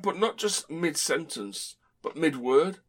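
A man's voice: a little high, expressive, slow, slightly rough. A man from Britain hosting a podcast, talking in a chatty, rambling, wry way. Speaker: podcast host. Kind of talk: casual chat.

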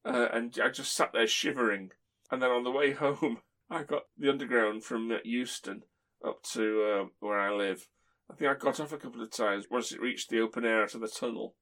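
A man's voice: medium pitch, moderate pace, a bit bright. A man hosting a podcast, telling stories in a rambling way and chuckling as he talks. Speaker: podcast host. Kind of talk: casual chat.

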